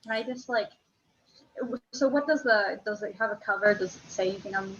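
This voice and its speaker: A woman with a bright, forceful voice plays a tabletop game, asking quick casual questions. Her voice sits in a middle pitch, and the recording sounds dull and lo-fi. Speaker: player.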